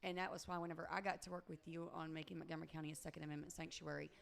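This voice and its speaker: A woman's voice: sits low, flat delivery, very fast, vocal fry. A woman in a political discussion, speaking earnestly.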